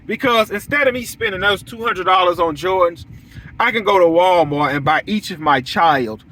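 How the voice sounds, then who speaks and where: Young guy preaching about running a lawn business, high bright voice, keeps repeating himself, blunt as anything. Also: moderate pace, slight background noise. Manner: preachy, repetitive, blunt, acts out quoted lines. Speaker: lawn care business owner. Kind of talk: casual monologue to the audience.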